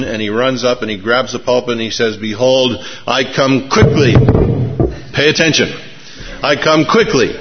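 A male pastor delivering a sermon in a mid-range voice, explaining verses and spinning a story that builds in energy. He drops to quiet, reflective tones at times. The recording is slightly dull. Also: medium pitch. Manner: storytelling, building excitement, then soft and reflective.

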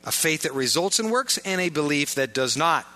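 A man's voice: on the high side, sing-song, normal speed, bright, forceful tone. A man preaching a sermon as pastor, joking and informal in asides, pressing his points with emphatic repetition.

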